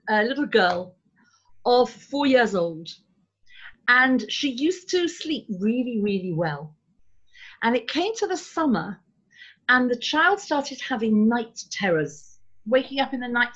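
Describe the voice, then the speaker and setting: A woman giving a parenting talk, her voice sitting a little high. She speaks in a measured, thoughtful way, slowing down on key words and pausing with ums. The sound is dull and lo-fi. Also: a bit bright. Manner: thoughtful, measured, with frequent ums and slowed emphasis. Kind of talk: live online talk.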